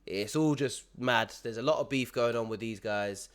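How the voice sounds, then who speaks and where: A man's voice: medium pitch, normal speed. A young man giving casual reaction commentary, full of slang, tacking bro onto nearly every sentence.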